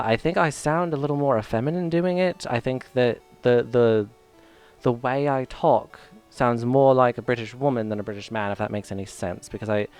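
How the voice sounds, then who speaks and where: A man's voice: medium pitch, clear, resonant tone. Chatty young male game streamer. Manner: chatty, self-deprecating, full of fillers. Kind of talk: casual stream chat.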